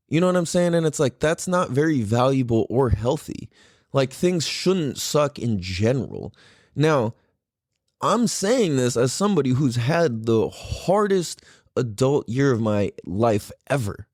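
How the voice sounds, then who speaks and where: Animated, rambling podcast host man. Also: mid-range voice, no echo, clean studio sound. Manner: excitable, rambling, swears freely. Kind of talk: casual solo podcast talk.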